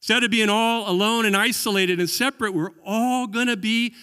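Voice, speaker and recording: Man, pastor, earnest sermon, slightly high voice, reverberant hall. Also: steady tone, fairly quick, smooth. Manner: earnest preaching, drops to quiet voice for quoted prayers.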